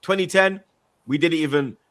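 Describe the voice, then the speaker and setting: A man co-hosting a football podcast, talking in animated, slangy casual chat. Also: on the high side, moderate pace.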